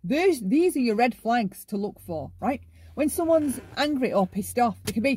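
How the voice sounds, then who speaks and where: A woman's voice: a little high, expressive, moderate pace, a little mellow, slight background noise. A woman hosting a casual commentary monologue, often ending her points with "right?". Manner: talks in long runs, ends many lines with "right?". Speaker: commentary channel host.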